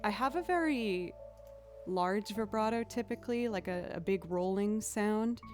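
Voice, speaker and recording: Casting note: young woman, violinist livestream host, relaxed chatter, quiet music underneath. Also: mid-range voice, a little slow. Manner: chatty, laughs often, thanks viewers. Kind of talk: casual livestream chat.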